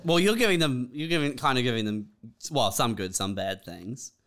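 A man's voice: medium pitch, normal speed, a bit bright. A man co-hosting a podcast, chatting casually, laughing often and restarting his sentences. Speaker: podcast co-host. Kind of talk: casual comedic chat.

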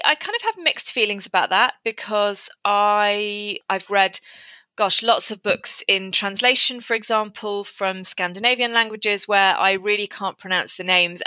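A woman's voice: medium pitch, pushed and bright, no room sound, muffled recording. A woman author talking through her writing in a casual interview, thoughtful and prone to restarts. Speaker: author guest. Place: lives in North Wales.

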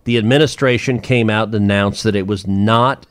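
A man's voice: lowish voice, fairly even intonation, normal speed, clean tone, no echo. A man, a senator hosting a political podcast, talking emphatically and with indignation, repeating phrases for force.

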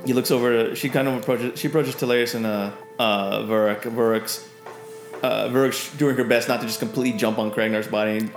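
A man's voice: mid-range voice, fairly even intonation, brisk. A man running a tabletop game as game master, narrating in a rambling way with many fillers. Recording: roomy sound with music behind.

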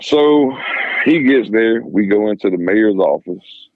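A man's voice: lowish voice, lively intonation, no echo. A man, a police officer, tells his story in a casual interview, swearing, laughing and acting out what people said. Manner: profane, laughing, fast retelling of dialogue. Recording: dry, phone-like sound.

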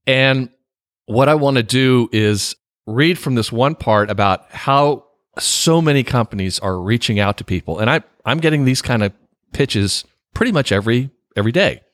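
A man hosting a podcast interview, animated and laughing often. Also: mid-range voice, moderate pace, dry recording, studio quality. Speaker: podcast host.

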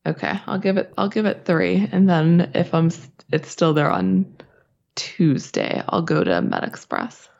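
A woman co-hosting a podcast, husky and stuffed up from a sinus infection, chatting casually, swearing and laughing often. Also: fairly low pitch, sing-song, unhurried, darkish tone. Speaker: podcast co-host. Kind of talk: casual chat. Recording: dull lo-fi sound.

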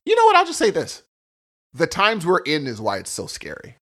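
A man co-hosting a podcast in casual chat, animated and prone to sudden high exclamations. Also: moderate pace. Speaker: podcast co-host.

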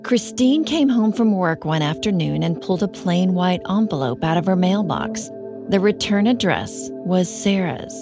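A woman hosting a podcast, reading a scripted true-crime narration in a measured, serious way. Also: on the low side, animated, over music.

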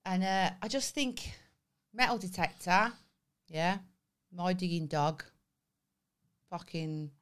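A woman co-hosting a podcast, joking in excitable, sweary banter. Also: on the low side, slow pace, pauses often, clear, resonant tone. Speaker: podcast co-host. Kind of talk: casual chat.

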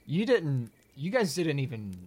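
A man's voice: on the high side, sing-song, unhurried, darkish tone, slightly rough. A man narrating a fantasy scene as game master, in loose, rambling speech full of fillers.

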